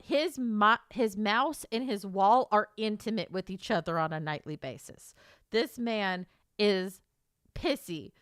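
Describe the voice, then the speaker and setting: Animated and gossipy, a young American woman streamer shares a story in casual chat, peppering it with exaggerated quoted asides. She talks at a normal speed with few pauses in a medium pitch. The studio-quality audio has no room sound.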